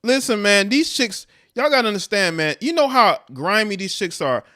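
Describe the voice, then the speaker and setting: A man hosts a livestream reacting to clips, offering blunt, profane commentary on the clips and chat with frequent laughs. His high-pitched voice is animated, bright, and forceful, at a moderate pace.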